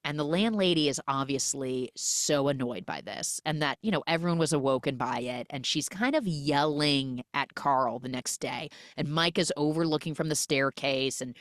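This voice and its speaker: A woman podcast host casually recapping a film, retelling it in an animated way with lots of "like" fillers. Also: deep voice, moderate pace, hardly any pauses, no echo, studio quality.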